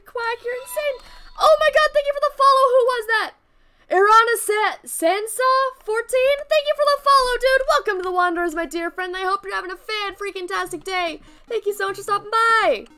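A woman streaming a game live, bubbly and excitedly thanking her chat. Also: very high-pitched, fairly quick. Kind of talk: casual live gameplay streaming.

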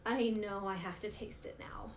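A woman voicing a greedy male pig who is the team's taster, speaking in a drawn-out, pleading way, in a roomy recording with faint noise. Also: medium pitch, steady tone, far from the mic, lightly acted.

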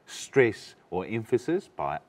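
A male acting coach slowly and patiently leads a lesson, explaining each point to a student step by step. His very low voice swings in pitch in a lively, animated way, and he sounds instructive.

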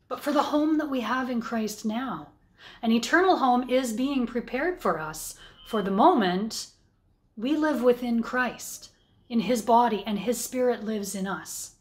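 A Canadian woman pastor delivers a sermon, her voice sitting a little on the high side. She speaks slowly and deliberately, letting each phrase settle before the next. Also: animated. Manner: slow, measured delivery with deliberate pauses.

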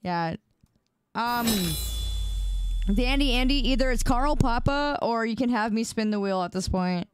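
A woman's voice: on the high side, measured pace, background noise. A sleep-deprived woman streamer chatting casually and playfully with her viewers, teasing and pleading. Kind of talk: casual live-stream chat.

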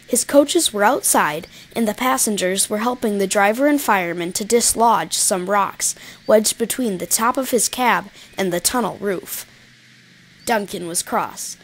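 A woman narrating a children's railway storybook in an even, gentle storytelling manner. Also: medium pitch, unhurried. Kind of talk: storybook reading.

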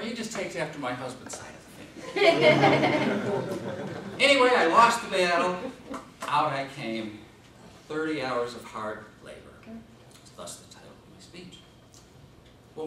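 A man gives a humorous speech and swings his pitch widely as he tells the story. He is recorded from a distance in a very echoey meeting room. Noise runs underneath. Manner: animated comic storytelling. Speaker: contest speaker.

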